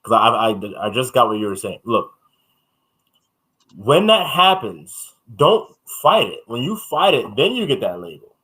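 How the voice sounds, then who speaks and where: A man's voice: mid-range voice, big pitch swings, unhurried, a bit bright, poor audio. A man co-hosting a casual podcast, talking bluntly and animatedly with some swearing. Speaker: podcast co-host.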